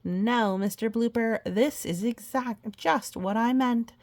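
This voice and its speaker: A woman's voice: a little high, takes it slowly, darkish tone, no echo. Big Bird, an earnest big bird, read by a woman. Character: Big Bird, big friendly yellow bird.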